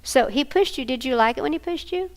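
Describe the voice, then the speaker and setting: Animated woman, gravelly edge. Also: sits high, fairly quick, rough recording. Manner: animated, acts out scenes with volunteers. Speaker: workshop presenter. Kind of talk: training workshop talk. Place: conference room before an audience.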